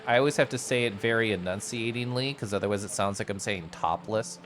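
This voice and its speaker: A man's voice: lowish voice, fast, hardly any pauses, a bit bright, a little hiss or hum. A young man chatting casually while streaming a game, rambling and full of asides. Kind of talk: casual gameplay commentary.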